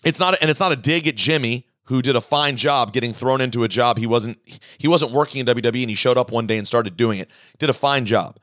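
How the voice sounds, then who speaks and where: Male podcast host, mid-pitched, close dry mic, animated mailbag reader. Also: fast, no room sound. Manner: animated, reads listener emails aloud. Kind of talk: casual chat, reading mailbag.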